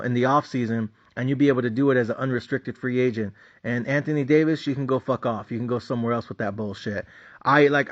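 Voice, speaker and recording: A man hosting a sports betting channel, ranting casually and bluntly about his team with a lot of profanity. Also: mid-range voice. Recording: dull lo-fi sound.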